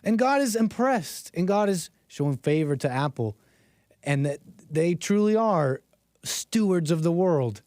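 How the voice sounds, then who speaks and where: A sarcastic male streamer rambles through a casual commentary, his voice rising and falling a lot. His pitch sits a little high for a man. The sound is dry and close, from a home streaming setup. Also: animated, a little slow, a little mellow, no echo. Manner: rambling, sarcastic, chuckling asides. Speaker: streamer and call-in host.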